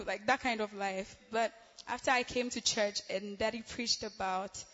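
A woman's voice: medium pitch, normal speed, lo-fi sound. Giggly young woman in an echoey hall. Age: young adult. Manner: giggly, excitable, laughs often between phrases. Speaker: church member giving testimony. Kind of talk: church testimony.

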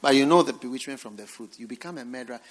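A man preaching a sermon, swinging from hushed, near-whispered lines to loud, emphatic exhortation. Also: mid-range voice, rapid-fire, long reverb tail.

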